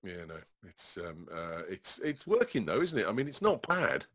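A man's voice: fairly low pitch, huge pitch swings, moderate pace, a bit bright, no room sound. A man hosting a casual tech chat over a video call, swearing freely and rambling with fillers. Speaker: podcast host.

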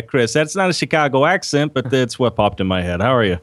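A man's voice: medium pitch, animated, a little fast, few pauses, dry recording. Jokey man hosting a podcast. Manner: jokey, laughing, filler-heavy. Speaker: podcast host. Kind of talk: casual chat.

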